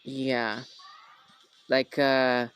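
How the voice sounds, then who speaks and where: A man of ordinary middle pitch hosts a relaxed conversation. He jokes often and corrects himself in an offhand way. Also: drawn-out words, low-quality recording. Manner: joking, self-correcting, offhand. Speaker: host. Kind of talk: casual chat.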